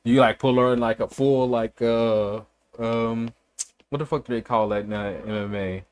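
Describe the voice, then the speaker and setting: A man's voice: medium pitch, fairly even intonation, normal speed, smooth. Male streamer from Chicago, casual, profane, blunt storyteller. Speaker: livestreamer. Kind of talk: casual livestream chat.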